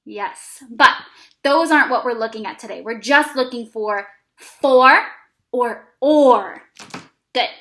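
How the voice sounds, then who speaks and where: A woman teaching an early reading lesson to young children, speaking slowly and encouragingly with plenty of praise. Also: on the high side, fairly bright tone, reverberant. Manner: slow, exaggerated, encouraging teacher talk with praise.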